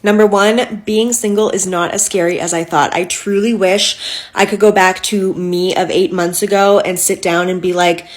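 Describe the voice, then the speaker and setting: A young woman with a middle-pitched voice gently counts off lessons she learned. She sounds calm and encouraging, speaking to camera. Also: normal speed. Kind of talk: advice vlog listing lessons.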